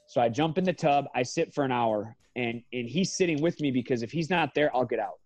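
A man's voice: medium pitch, a little fast, darkish tone, no room sound. A man in his thirties, an MMA fighter guesting on a podcast, telling a long story in a loose, profane way and often correcting himself mid-sentence.

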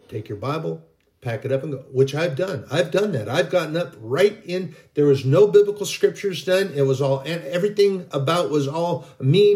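A man's voice: fairly high pitch, darkish tone. Earnest middle-aged man preaching. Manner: earnest, rambling, with frequent restarts. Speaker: Christian video preacher. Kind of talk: informal sermon.

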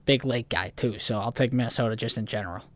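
A man's voice: mid-range voice, fast talker. A young man in casual chat, brash and insistent, swearing a lot.

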